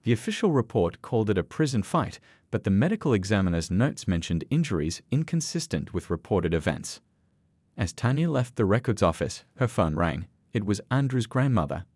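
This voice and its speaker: A man tells a dramatic story in a scripted narration, his voice on the lower side and moving freely in pitch. The sound is dry and close. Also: sing-song, normal speed, darkish tone, no room sound.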